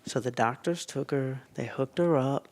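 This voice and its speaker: A man, a podcast guest telling a story with animated quotes and whispered asides. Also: mid-range voice, moderate pace.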